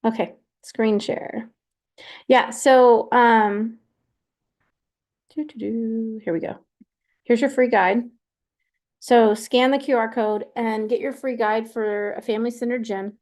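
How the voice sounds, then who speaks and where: A woman's voice: a little high, steady tone, a little slow, darkish tone. A middle-aged woman hosting a webinar, talking casually with lots of fillers and restarts. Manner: chatty, many fillers and restarts. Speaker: webinar host.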